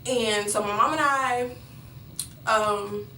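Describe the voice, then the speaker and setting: A woman's voice: fairly high pitch, slow, sharp tone, echoey room, far from the mic, slight background noise, low-quality recording. Chatty young woman telling a story. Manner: rambling, many fillers and restarts. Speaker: vlogger. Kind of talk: personal storytelling.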